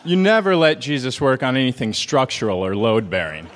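A man telling a comic story at a storytelling show, earnest and hesitant, with a halting delivery. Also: mid-range voice, very animated. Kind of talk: deadpan comic monologue. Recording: hall reverb, faint noise.

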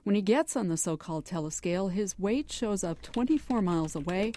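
A woman reporting a scripted radio news feature in a measured, explanatory way. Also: medium pitch, lively intonation, warm tone.

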